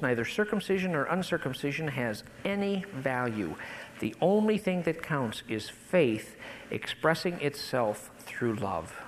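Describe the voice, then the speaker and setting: A man preaching a sermon, building to impassioned peaks and then dropping low and soft. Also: a little hiss or hum, rough recording. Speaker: pastor.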